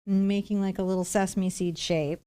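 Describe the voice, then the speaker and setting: A woman's voice: medium pitch, fairly even intonation, a little fast, mellow, smooth. Chatty woman teaching a painting lesson. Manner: chatty, step-by-step explaining. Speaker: acrylic painting instructor. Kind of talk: live painting tutorial.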